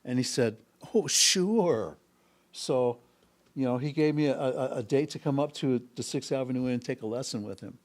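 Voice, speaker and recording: Man, musician guest, casual storytelling, rambling, hesitant, mid-pitched voice, music school studio. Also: steady tone, fairly quick, dark tone. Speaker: musician guest, harmonica and bass player.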